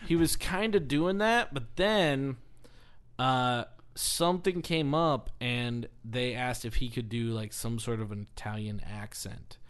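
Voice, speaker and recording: A man's voice: mid-range voice, a little slow, clean tone. Chatty man telling a story. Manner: animated storytelling, laughs often. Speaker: podcast co-host. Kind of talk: casual chat.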